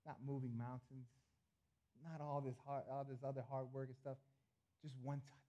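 A middle-aged man preaching a sermon as pastor, earnest, repeating phrases, swinging between loud appeals and soft asides. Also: mid-range voice, level tone, normal speed.

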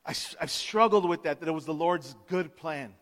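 Male pastor, high-pitched, impassioned sermon delivery, long hall reverb. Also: moderate pace. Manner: impassioned, swings from hushed to loud, acts out quotes. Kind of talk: Easter sermon.

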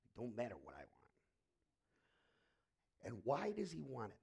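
Man, pastor, sermon, raspy gravelly tone, lively swooping pitch, whispers then shouts. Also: measured pace. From Irish heritage. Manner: swings from hushed whispers to loud emphatic bursts. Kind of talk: sermon and prayer.

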